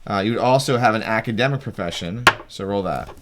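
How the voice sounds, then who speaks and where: A man's voice: fairly low pitch, fast talker, very noisy. A man acting as game master who walks a friend through making a tabletop game character, talking in a breezy, teasing way with frequent restarts. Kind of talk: casual tabletop game explanation.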